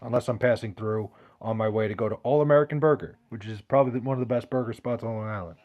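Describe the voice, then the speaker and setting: A man's voice: mid-range voice, fast talker, highs cut off. A young man, chatting casually and profanely, rambling and restarting his sentences as he reads live chat. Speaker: podcast host reading live chat.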